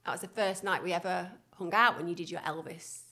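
A woman's voice: fairly low pitch, fairly even intonation, brisk, sharp tone. Female podcast co-host, chatty, wry, casual. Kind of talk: casual chat.

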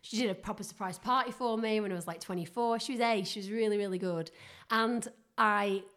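A woman's voice: medium pitch, a little fast, fairly bright tone. A woman telling stories in an eager, casual chat, full of "like" fillers. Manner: chatty, enthusiastic storyteller with many "like" fillers.

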